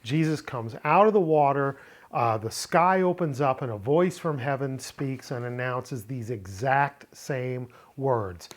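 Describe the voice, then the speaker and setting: Guy teaching a slide lesson, real slow and careful, breaks it all down step by step. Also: medium pitch. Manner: slow, deliberate, explains step by step. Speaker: Greek teacher.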